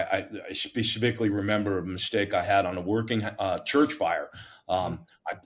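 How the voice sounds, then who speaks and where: A middle-aged man and fire captain, telling a story in a casual interview in an animated, self-mocking, plain-spoken way with many restarts. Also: on the low side. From United States.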